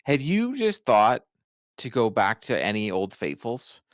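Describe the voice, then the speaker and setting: A man's voice: mid-range voice, huge pitch swings, a little slow, no echo, studio quality. A man co-hosting a gaming podcast, chatting casually with blunt, teasing remarks. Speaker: podcast co-host. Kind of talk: casual chat.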